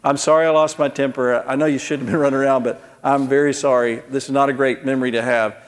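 A man preaching as a pastor, telling folksy family stories in an animated way. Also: mid-range voice, fast, in a large hall. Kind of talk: sermon with storytelling.

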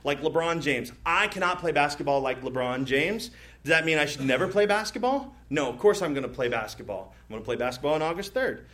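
A man preaching a sermon from a church stage, his voice sitting a little high for a man. He talks casually and playfully, tossing in asides and rhetorical checks with his listeners, and he jumps up in pitch when he acts out imagined voices. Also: animated, a little fast, fairly bright tone. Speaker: pastor.

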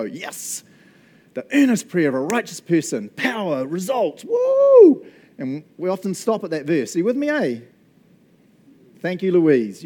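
Fairly high-pitched and mellow, this man preaches a casual sermon full of enthusiasm. Chatty and quick to laugh, he regularly checks in with the congregation and finishes lines with "eh?" or "right?".

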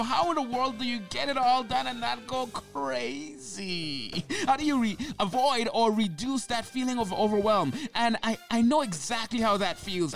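A man's voice: very high voice, a bit bright. A man hosting his own podcast solo, enthusiastic and chatty, often laughing and tripping over repeated words. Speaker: podcast host.

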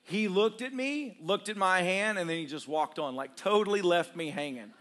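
A man's voice: high-pitched, moderate pace, fairly bright tone. A man preaching a storytelling sermon as a pastor, humorous and self-deprecating, laughing often as he talks straight to his congregation. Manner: conversational, addresses congregation directly.

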